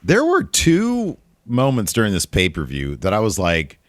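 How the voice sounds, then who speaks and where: A man co-hosting a casual wrestling review podcast, joking and talking in an animated way. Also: moderate pace, few pauses, no room sound, clean studio sound. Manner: animated, jokey, jumps into higher pitch for emphasis. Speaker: podcast co-host.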